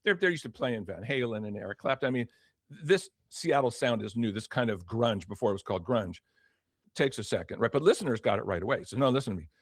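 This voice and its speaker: A husky, mid-range voice delivered briskly, recorded at studio quality with no room sound. The older man, formerly a record promotion executive, is an interview guest telling lively stories, acting out quoted lines with many restarts.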